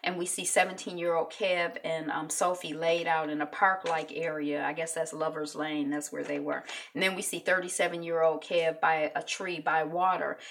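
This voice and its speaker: Gravelly, bright-voiced woman recapping a show. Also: sits low, flat delivery, moderate pace, few pauses, a little hiss or hum. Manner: chatty, full of likes and ums. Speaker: TV episode recapper. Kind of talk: casual recap vlog.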